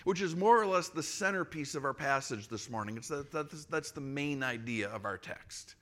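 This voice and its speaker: Мужчина-пастор лет сорока читает проповедь в разговорной манере, голос довольно высокий и звонкий. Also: male voice, on the high side, lively intonation, moderate pace, a bit bright. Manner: conversational storytelling, frequent restarts. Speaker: pastor. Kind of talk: sermon.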